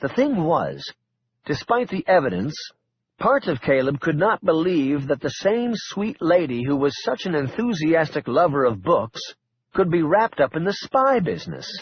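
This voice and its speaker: A male narrator with a husky voice and a lively, rising-and-falling delivery, reading a thriller with wry drama. The recording sounds dull and lo-fi, and his voice sits on the higher side. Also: normal speed. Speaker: audiobook narrator. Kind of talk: scripted narration.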